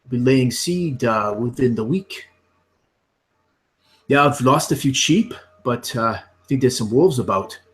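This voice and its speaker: A man's voice: mid-range voice, lively intonation, measured pace, fairly bright tone. A man voicing a wary, plain-spoken middle-aged farmer in a tabletop game.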